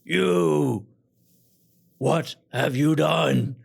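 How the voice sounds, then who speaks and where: A man voicing an angry male noble who roars and shouts demands at intruders in his manor. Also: on the low side, fairly even intonation, slow, creaky, breathy edge, full character voice. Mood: furious.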